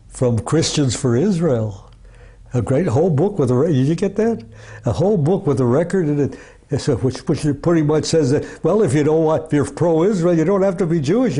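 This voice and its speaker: A man's voice: fairly high pitch, mellow, breathy edge. A man being interviewed as an archivist, talking in a rambling, casual way, full of restarts and asides like "you see" and "you know.".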